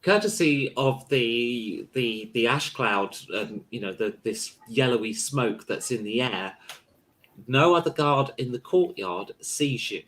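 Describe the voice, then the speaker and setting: A man running a tabletop role-playing game, narrating in a casual, halting way. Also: mid-range voice, expressive, a bit bright. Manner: casual, hesitant with fillers. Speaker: game master.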